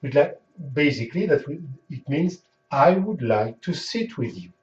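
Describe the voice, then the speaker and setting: A man teaching a language lesson, patiently explaining and repeating example phrases slowly. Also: on the high side, sing-song. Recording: echoey room, dull sound, mic at a distance.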